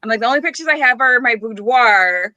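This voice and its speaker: A woman on a podcast, chatting casually and telling an animated story, giggling and acting out the quotes. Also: a little high, a little fast, dry recording, highs cut off. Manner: giggly, acts out quotes, many restarts. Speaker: podcast co-host.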